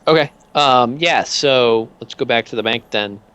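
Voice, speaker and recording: A man's voice: medium pitch, measured pace, fairly bright tone, smooth, muffled recording. A man narrating as game master in a tabletop game, in a loose, filler-heavy way.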